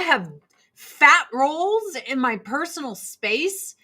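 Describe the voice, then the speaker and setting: A woman's voice: fairly high pitch, lively intonation, measured pace, fairly bright tone. A woman vlogger ranting to camera in a blunt, profane, exasperated way while doing her makeup. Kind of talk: casual ranting chat to camera.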